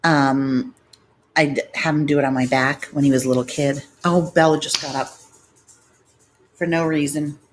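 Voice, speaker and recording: A woman's voice: sits low, fairly even intonation, normal speed, pauses often, a little hiss or hum. A woman vlogger chatting casually to camera at home, rambling through stories.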